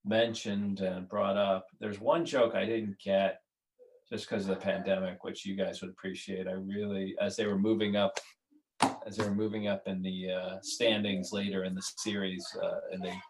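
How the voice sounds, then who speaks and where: A man's voice: sits low, flat delivery, normal speed, background noise. A man who is a writer and creator, talking as a podcast guest in a casual, rambling way with many restarts. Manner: rambling, restarts, laughs at his own jokes.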